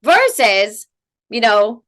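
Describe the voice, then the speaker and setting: A woman guest expert explaining in a conversational interview, animated and peppered with "like" and "right?" tags. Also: fairly high pitch, drawn-out words. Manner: animated, rhetorical "right?" tags, many "like" fillers. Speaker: guest expert in family coaching.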